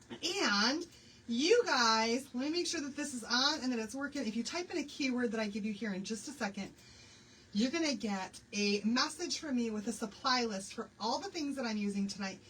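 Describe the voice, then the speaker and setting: A woman's voice: a little high, animated, moderate pace, slight background noise, low-quality recording. A woman in her sixties hosting a live craft stream, chatty and bubbly, laughing often and greeting viewers by name. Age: 60s. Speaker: craft livestream host.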